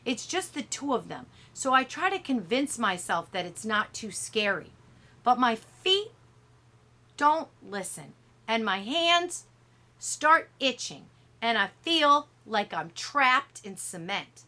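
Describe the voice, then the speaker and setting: A woman narrating a middle-grade novel in first person, with expressive, youthful storytelling. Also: fairly high pitch, slow. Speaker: audiobook narrator.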